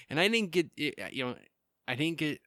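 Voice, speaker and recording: A man's voice: a little high, sing-song, unhurried, bright, forceful tone, dry recording, studio quality. A man, hosting a podcast in a casual, rambling way, full of fillers and restarts. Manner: rambling, lots of fillers and restarts, laughs often. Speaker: podcast host.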